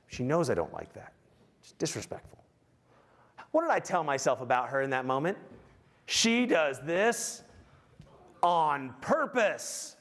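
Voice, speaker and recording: A man's voice: medium pitch, a bit bright. A man giving a motivational keynote on stage, telling a self-mocking story and questioning the audience. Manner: self-mocking, acts out his own anger. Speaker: keynote speaker.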